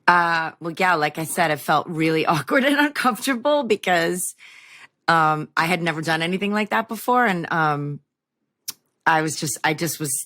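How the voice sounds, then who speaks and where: Brief: low-pitched woman guest, chatty and self-mocking, dry room. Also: expressive, moderate pace, fairly bright tone, dry recording. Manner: chatty, self-deprecating storyteller. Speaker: guest actor. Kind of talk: casual podcast chat.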